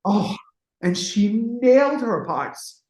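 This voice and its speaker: A middle-aged man, a music producer, telling anecdotes in a lively, casual way, acting out what people said and swearing freely. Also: high voice, takes it slowly, echoey room, poor audio. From Denmark. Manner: animated, acts out quotes, swears freely.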